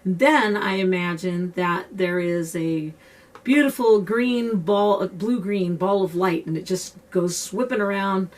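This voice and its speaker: A woman's voice: medium pitch, unhurried, far from the mic. A woman explaining being an empath in an earnest, conversational way, with loose restarts, as she talks to camera. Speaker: self-described empath teaching a technique. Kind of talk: casual explanatory talk to camera.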